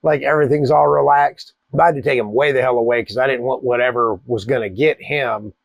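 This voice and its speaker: A man, telling a wild personal story in a profane, animated way. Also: medium pitch, brisk, creaky, no room sound. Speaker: cigar channel host. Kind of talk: casual storytelling.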